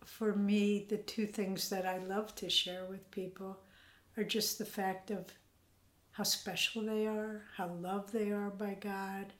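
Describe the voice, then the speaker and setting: An older woman gently and earnestly telling a personal spiritual story in an interview, at times dropping to a whisper. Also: mid-range voice, flat delivery, slow pace. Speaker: interviewee, spiritual community member. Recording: roomy echo.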